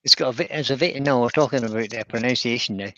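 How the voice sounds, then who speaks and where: A man's voice: medium pitch, fast, a bit bright, no room sound, muffled recording. A Scottish man joining a livestream in casual banter, jokey and laughing often. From Scotland.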